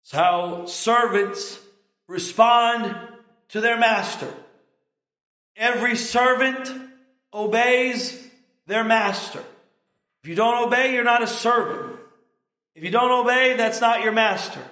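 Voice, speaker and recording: Middle-aged male pastor, high voice, unhurried delivery, emphatic sermon in an echoey sanctuary. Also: bright, forceful tone. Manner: emphatic preaching with rising stressed words and measured pauses.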